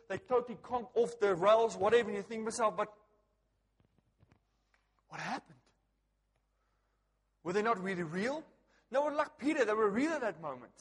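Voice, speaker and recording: A man preaching a sermon to a congregation, animated and joking, often laughing and asking the people questions. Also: sits high. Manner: animated, joking, laughs at his own stories; talks directly to the congregation with frequent questions. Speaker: pastor. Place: church hall. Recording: long reverb of a church hall.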